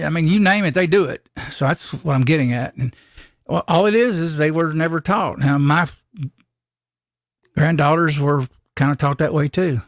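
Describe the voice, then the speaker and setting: A man's voice: a little high, normal speed, dry recording, studio quality. An older man, hosting a casual live stream and telling rambling, folksy stories with frequent restarts.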